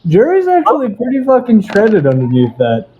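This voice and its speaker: A man's voice: high voice, wildly swooping pitch, normal speed, dull audio, crowd noise. A man playing a tabletop role-playing game, narrating his character's actions with crude jokes. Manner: playful, crude joking. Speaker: player.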